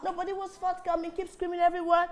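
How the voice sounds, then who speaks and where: Casting: high-pitched woman, children's storyteller and host, lively and interactive. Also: quick pace, background noise. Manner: lively, calls the audience to join in.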